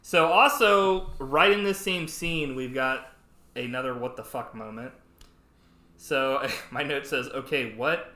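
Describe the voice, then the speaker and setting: A man's voice: on the high side, sharp tone, echoey room. A man co-hosting a podcast, chatting casually about a movie, swearing a lot and acting out lines with laughs. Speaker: podcast co-host. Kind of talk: casual movie review chat.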